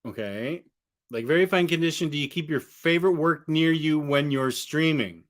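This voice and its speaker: With a fairly high, slightly bright voice at a moderate pace, a man streams from among the bookshelves of his apartment. He's a comic book collector who rambles, keeps starting over, answers chat as it comes in, and can't shake his hiccups.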